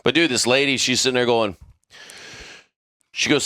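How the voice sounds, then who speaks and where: Podcast crew member, male, lowish voice, swears freely while telling animated anecdotes, dry close sound. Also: moderate pace, long pauses, smooth, no echo. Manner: profane, animated, storytelling. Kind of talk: casual storytelling chat.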